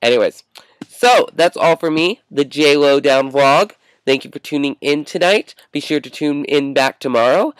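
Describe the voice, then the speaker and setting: A man's voice: a little high, normal speed, dry recording. A young man hosting his own vlog, chatting casually through news topics with rambling restarts and asides. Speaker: vlog host.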